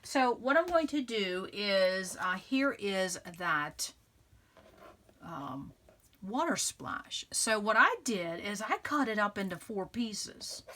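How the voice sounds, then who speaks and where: Slow and sing-song, with a medium pitch and a sharp tone, this woman hosts a scrapbooking tutorial. Her narration is casual crafting talk, upbeat and chatty, full of laughter and thinking aloud as she works on her project.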